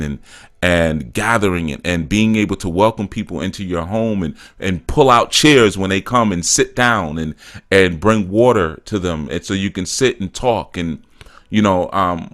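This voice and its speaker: A middle-aged man's voice sits low with a fairly bright tone as he hosts his show. He is a spiritual teacher whose casual monologue drifts through loose stories with frequent "man" and "you know," acted-out quotes, and bursts of emphasis.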